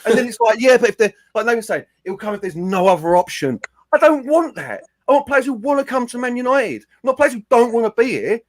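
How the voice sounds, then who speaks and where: Ranting man, high and lively. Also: brisk, hardly any pauses. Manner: animated, ranting, slips into mimicking quotes. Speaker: panelist. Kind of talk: heated fan podcast rant.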